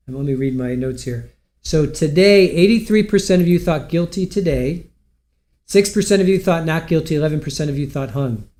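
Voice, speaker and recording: A livestream host with a fairly high, darkish voice wraps up his stream in casual sign-off chat, rambling in a friendly way and correcting himself often.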